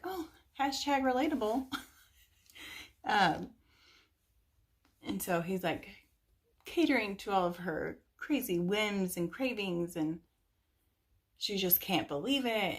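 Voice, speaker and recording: A woman's voice: fairly low pitch, lively intonation, slow, long pauses. A young woman chatting casually about books she recommends, rambling a little with lots of fillers. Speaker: book reviewer. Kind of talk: casual chat.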